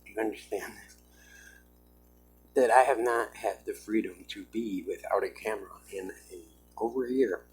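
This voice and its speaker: Man, husky voice, lowish pitch, agitated emphatic vlog talk. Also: normal speed, darkish tone, faint music behind, low-quality recording. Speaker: vlogger. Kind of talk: self-recorded vlog monologue.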